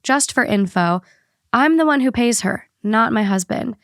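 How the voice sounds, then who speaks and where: A woman's voice: on the high side, animated, unhurried, a bit bright, no echo. Young woman podcast host, casual and chatty, close dry mic. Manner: chatty, reads posts aloud steadily. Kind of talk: casual podcast chat and story reading.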